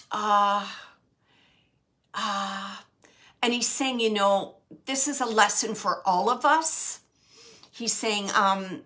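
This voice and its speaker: A woman giving a live mediumship reading, halting and searching, with many fillers as she relays messages. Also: a little high, pushed and bright. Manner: relays spirit messages to the sitters.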